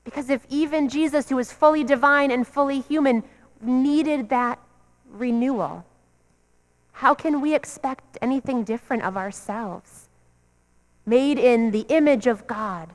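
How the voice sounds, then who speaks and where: Woman, pastor, earnest repetitive sermon cadence, high voice, echoing sanctuary. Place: church sanctuary. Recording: long church reverb.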